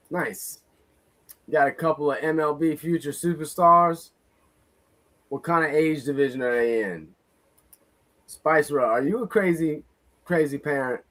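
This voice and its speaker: A man's voice: fairly high pitch, a bit bright. A man co-hosting a live sports watch party stream, loose and joking as he chats with viewers. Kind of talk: casual live-stream chat.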